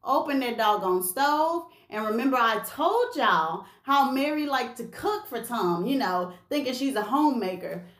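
A woman's voice: on the high side, lively intonation, unhurried, hardly any pauses, fairly bright tone, reverberant. A woman hosting a gossip video, telling a story to camera in a sassy, slangy way and acting out the voices of the people in it.

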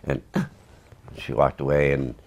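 Super deep-voiced guy, an actor in an interview, rambling wry stories with dry little asides. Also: level tone, measured pace, creaky, a little hiss or hum. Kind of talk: casual anecdotal storytelling.

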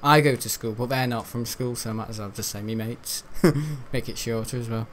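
A man's voice: mid-range voice, a little fast, a little hiss or hum. A teenage young man giving rambling, chatty let's-play commentary while he plays, often laughing. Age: teens. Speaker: gaming video host.

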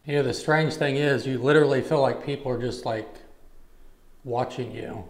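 A man investigating an abandoned building alone at night, talking to camera and calling out to spirits in a hushed, jumpy way. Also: medium pitch, moderate pace, rough recording. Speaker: paranormal investigator. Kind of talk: solo ghost-hunt narration to camera.

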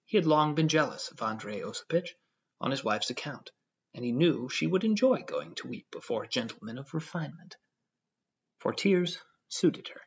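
A man narrating an audiobook in a steady, understated storytelling tone. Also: medium pitch, normal speed. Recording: dull lo-fi audio.

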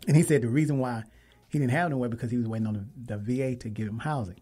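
A man hosting a radio talk show who tells stories quickly and with emphasis, acting out the lines of the people he met. His pitch sits in the middle range for a man. Faint music plays behind him. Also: breathy edge. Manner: animated, emphatic retelling with quoted dialogue. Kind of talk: casual storytelling and interview.

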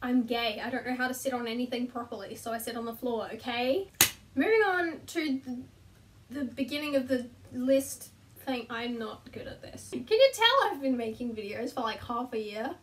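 A woman's voice: fairly high pitch, animated, normal speed, far from the mic. A young woman chatting casually to camera from her bedroom floor, self-deprecating and laughing at herself. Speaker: vlogger. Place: bedroom, sitting on the floor between two beds.

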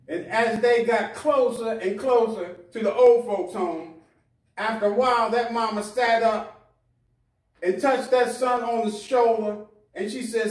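A high-voiced male preacher tells a sermon story, repeating phrases in a steady rhythm. The sound is roomy and heard from some distance from the mic. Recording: echoey room, far from mic.

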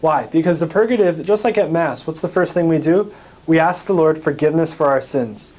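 A man's voice: a little high, fairly quick, a little mellow. An American man, a priest, recapping a parish teaching talk in a conversational way, asking questions and answering them himself.

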